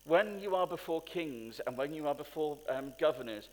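Animated preacher in a reverberant church. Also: male voice, a little high, normal speed, hardly any pauses. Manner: animated, rising to emphatic peaks, asks the congregation questions. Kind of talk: sermon. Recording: long hall reverb.

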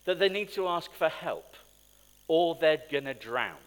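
Animated man preaching in a hall. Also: on the high side, measured pace. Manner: conversational, animated storytelling with asides. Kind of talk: sermon. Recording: long hall reverb.

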